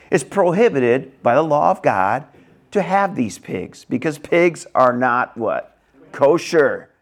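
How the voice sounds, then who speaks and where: A man preaching a sermon, reading scripture aloud and explaining it, asking the congregation questions. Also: on the high side. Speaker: pastor.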